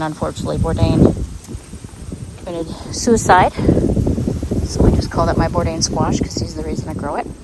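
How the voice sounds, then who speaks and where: Middle-aged lady chatting thru her garden outside, lowish voice, loud noisy background. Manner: chatty, self-deprecating, narrating as she walks. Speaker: gardening vlogger. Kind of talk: casual walking garden tour. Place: outdoors in a backyard garden. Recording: loud outdoor background noise.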